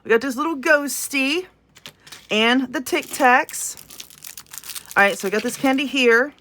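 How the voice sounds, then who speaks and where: A woman's voice: high voice, a little slow, fairly bright tone, slight background noise. A woman with a Southern US accent, gushing and exclaiming as she unboxes crafting goods in a casual vlog. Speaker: crafting vlogger. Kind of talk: excited unboxing chat.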